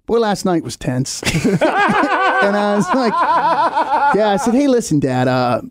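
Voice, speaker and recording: A man's voice: high-pitched, sing-song, measured pace, over a noisy crowd. A middle-aged man, a podcast co-host, telling a long story casually, laughing often and acting out the voices in it.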